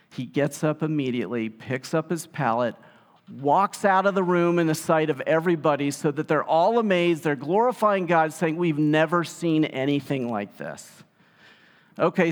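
A man preaching a sermon, telling the story in a lively way and acting out the quotes. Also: fairly high pitch. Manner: animated storytelling, acts out quotes. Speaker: pastor. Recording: long hall reverb.

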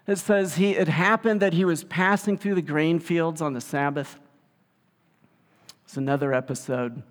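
Animated preacher in a reverberant hall. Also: male voice, a little high. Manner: animated, acts out quoted voices. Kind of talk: sermon.

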